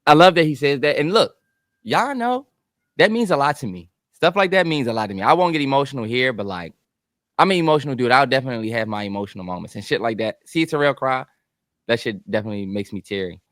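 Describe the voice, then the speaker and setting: A man's voice: medium pitch, expressive, fast, fairly bright tone, no room sound, studio quality. A man co-hosting a podcast in casual chat, telling stories in a laid-back way and swearing freely. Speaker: podcast co-host.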